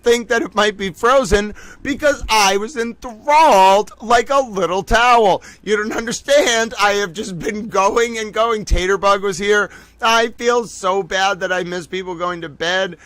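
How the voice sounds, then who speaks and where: High, bright-voiced excitable male streamer. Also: unhurried, hardly any pauses, dry recording. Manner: excitable, profane, rambling. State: tired from being up all day. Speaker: livestream host. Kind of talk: late-night livestream commentary.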